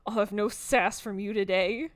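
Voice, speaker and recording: A woman's voice: medium pitch, steady tone, normal speed, dry recording, clean studio sound, close to an everyday voice. A woman voicing a grumpy, prickly cousin who talks in a curt, snappish way in a video game.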